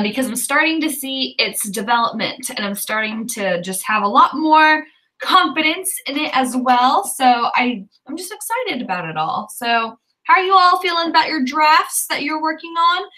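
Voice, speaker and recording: A woman's voice: a little high, bright, forceful tone, recorded from a distance, rough recording. A woman hosting a writing livestream, chatting casually and cheering on viewers as she reads out their comments. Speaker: livestream host of writing sprints.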